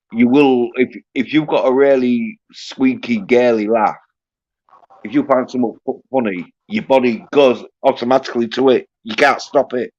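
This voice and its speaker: A man's voice: mid-range voice, darkish tone. A man hosting a livestream, ranting in a crude, swear-filled, rambling way. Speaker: livestream host. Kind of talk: casual livestream rant. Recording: dull lo-fi audio.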